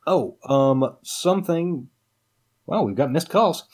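A man's voice: on the high side, animated, takes it slowly, a little mellow, breathy edge. A man co-hosting a podcast in casual chat, talking in a rambling, hesitant way with many fillers. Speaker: podcast co-host.

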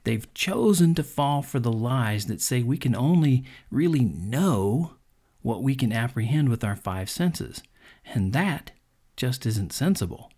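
A man's voice: mid-range voice, expressive, a little slow, warm tone, breathy edge. A man hosting a devotional podcast, talking in an earnest, conversational preaching manner with frequent fillers. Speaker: podcast host.

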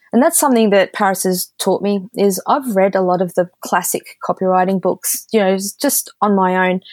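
An Australian woman speaks in a casual podcast interview, candid and direct. She tells stories with a lively pull, her voice at a middling pitch. The sound is close and dry, with no room around it. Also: dry recording. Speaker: guest copywriter.

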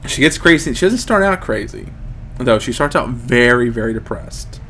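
A man's voice: medium pitch, expressive, normal speed, a bit bright, a little hiss or hum. A man in his late thirties hosting a casual podcast chat, joking and rambling with frequent ums. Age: 30s. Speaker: podcast host.

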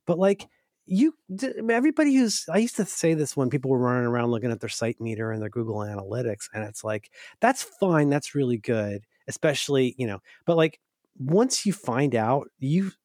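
A man's voice: mid-range voice, animated, moderate pace, a little mellow, no room sound, studio quality. A man guesting on a podcast, talking in a rambling, self-interrupting way with frequent profanity. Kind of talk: casual podcast chat.

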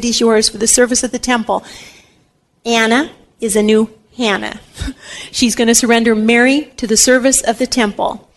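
A woman giving a religious teaching talk, telling a story with lively energy and acting out the lines of the people in it. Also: a little high. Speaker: Catholic teacher.

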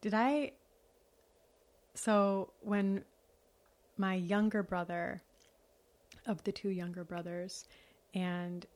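A woman's voice: medium pitch, steady tone, slow, pauses often, a little mellow. A woman from Wisconsin, a podcast guest, chatting casually and telling anecdotes with easy laughter. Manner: storytelling, laughs easily. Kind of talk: casual chat. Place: office.

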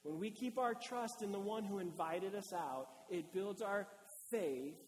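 A male pastor delivering a sermon in a conversational, animated way, acting out little quotes as he goes. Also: high voice, a little slow, long reverb tail.

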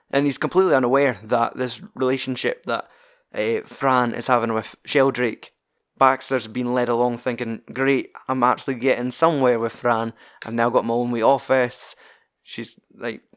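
A man's voice: medium pitch, fairly bright tone. A man with a Scottish accent recapping a film plot in a casual, rambling way, swearing freely and laughing as he goes. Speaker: film reviewer.

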